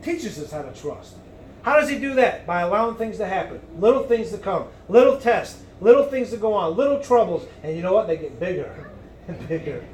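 A man preaching a sermon in a loud, emphatic way, swinging between booming lines and hushed ones. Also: big pitch swings, fairly quick, slight background noise.

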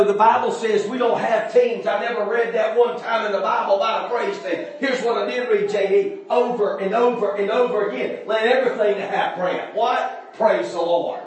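A man preaching a sermon in a church, folksy and chuckling, climbing into shouts. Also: high voice. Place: church sanctuary. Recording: echoey room.

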